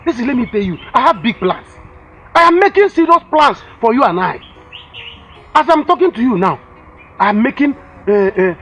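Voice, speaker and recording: A man's voice: sits high, fairly bright tone, highs cut off, slight background noise. An actor with a Nigerian English accent playing a boastful village man who stumbles over his words while bragging about big schemes. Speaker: village bushmeat seller. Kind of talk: film drama acting.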